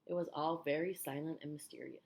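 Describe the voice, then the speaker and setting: A woman reading a children's book aloud, telling it in an expressive, animated way. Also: sits low, fairly quick, creaky. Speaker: storyteller.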